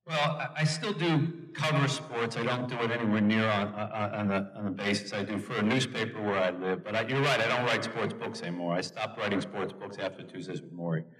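Middle-aged man, author, lowish voice, animated storyteller, long hall reverb. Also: a little fast, hardly any pauses. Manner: animated storyteller, jokes and mimics others. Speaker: author at a book event. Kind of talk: storytelling answers in an audience Q&A. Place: large event hall with audience.

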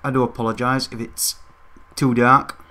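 A young man hosting a gaming channel chats casually to his viewers while he plays, talking straight to them as he gives gameplay commentary. His mid-range voice shows little pitch movement, moving at a moderate pace with a sharp tone.

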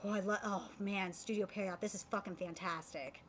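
A woman streaming a live anime reaction, gushing as an excitable fan with many fillers and restarts. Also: medium pitch, a little fast, slight background noise.

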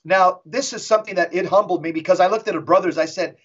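A middle-aged man, a guest on an interview show, telling a dramatic story in an intense, emphatic way and slowing down for effect. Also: high-pitched, slightly rough. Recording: dull lo-fi audio.

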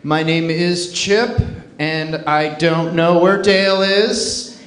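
Male stand-up comedian, deadpan and dry, high voice, roomy club sound. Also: slow. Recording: echoey club with loud crowd laughter.

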